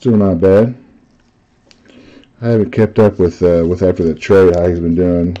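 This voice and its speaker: Chatty low-voiced man breaking cards. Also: little pitch movement, moderate pace, mellow, muffled recording. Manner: chatty storyteller, laughs easily, reads out cards. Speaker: card break host. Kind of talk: casual live card-break commentary.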